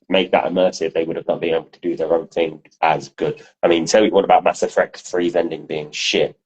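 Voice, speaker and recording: Deep husky man chatting animatedly. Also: low-quality recording. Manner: animated, swearing, storytelling. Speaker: podcast co-host. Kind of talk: casual chat.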